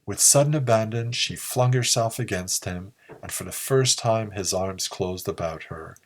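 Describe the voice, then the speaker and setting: A man narrating a pulp story in a slow, measured reading. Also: lowish voice. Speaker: audiobook narrator.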